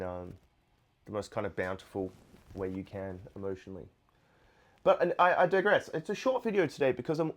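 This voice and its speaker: A man, a guitarist, chatting casually to camera in a relaxed, rambling way with many fillers. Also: lowish voice. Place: Nashville. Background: guitar playing.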